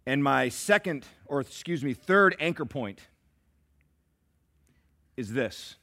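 A man preaching a sermon as pastor, swinging between shouted climaxes and hushed, slow asides. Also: mid-range voice, lively intonation, creaky. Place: church sanctuary.

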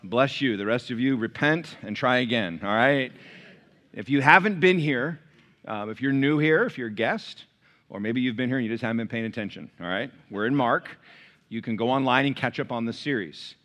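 Middle-aged man, pastor, bright edge to the voice, story-driven sermon with asides to the congregation. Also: mid-range voice, normal speed.

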